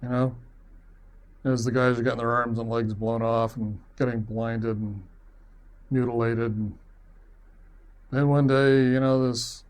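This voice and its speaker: A man of medium pitch recounting a story from his own life. He rambles along in a loose, conversational way, self-deprecating, with an easy chuckle here and there. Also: little pitch movement, measured pace, long pauses, smooth. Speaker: web series producer. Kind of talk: personal storytelling.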